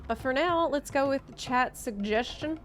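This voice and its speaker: A woman's voice: sits high, normal speed, a bit bright, soft background music. A young adult woman streaming a game, chatting casually and musing aloud, easily delighted. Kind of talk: casual gaming stream chat.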